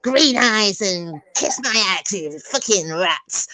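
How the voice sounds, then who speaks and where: A woman's voice: mid-range voice, lively intonation, slow, sharp tone, rough recording. Crude philly streamer lady dragging her words, sneery and coarse , a woman mocking her. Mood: sneering. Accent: Philadelphia. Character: crude foul-mouthed woman streamer, belching.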